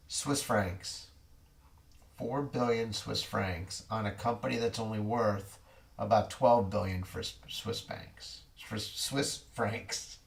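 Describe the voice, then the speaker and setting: A man's voice: medium pitch, creaky, fairly bright tone. A man giving casual market commentary in a rambling, wry way with corny jokes, a little distant from the mic.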